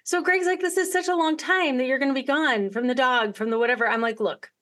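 Chatty high-voiced American woman host. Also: fast talker, fairly bright tone. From United States. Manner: chatty, laughs often, acts out quoted dialogue. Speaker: podcast host. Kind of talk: casual chat.

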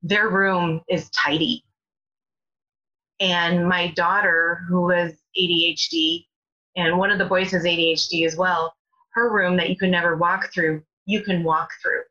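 A middle-aged woman chatting in an animated way as a caller, sharing a story of thanks. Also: lowish voice, measured pace, highs cut off. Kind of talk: casual testimony.

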